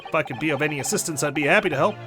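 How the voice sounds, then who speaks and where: A man's voice: a little high, very fast, sharp tone. A man voicing a polite young male law student who speaks formally. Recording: game music behind voice.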